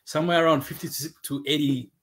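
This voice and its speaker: A man's voice: fairly high pitch, steady tone, fast. A man calling in as a guest on a video call, rambling with many fillers as he explains his project. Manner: rambling, many fillers, laughs between points. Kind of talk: casual conversation over video call.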